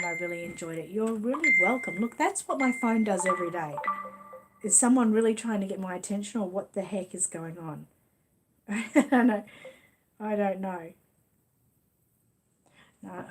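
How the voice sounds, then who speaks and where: A woman's voice: mid-range voice, slight background noise. A middle-aged Australian woman hosting a casual livestream, chatting and reading viewer comments aloud with frequent laughs. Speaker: livestream host.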